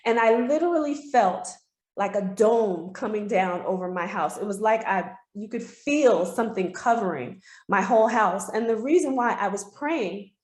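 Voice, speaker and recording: As an interview guest, a woman shares a personal story in an earnest, heartfelt way. Her middle-pitched voice has lively intonation, a normal speed, and a darkish tone. The room around her is reverberant, with a roomy echo.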